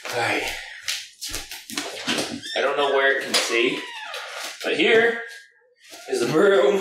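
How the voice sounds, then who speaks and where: A man making a casual home vlog at night, playfully scolding his dog and jumping into a high sing-song voice. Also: sing-song, a little slow, pauses often. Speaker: vlogger. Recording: echoey room, voice far from the mic, faint noise.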